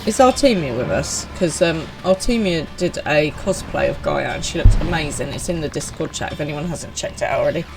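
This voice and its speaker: A woman's voice: low-pitched, animated, a little fast, gravelly, hardly any pauses, over music. Chatty woman streaming a game. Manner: chatty, upbeat, exclamatory reactions to the game. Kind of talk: live gameplay commentary chatting with viewers.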